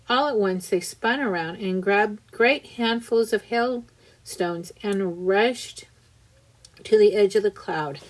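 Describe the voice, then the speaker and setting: Slow, deliberate woman reading a story. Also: medium pitch, poor audio. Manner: slow, deliberate, with small restarts. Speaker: reader. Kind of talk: audiobook narration.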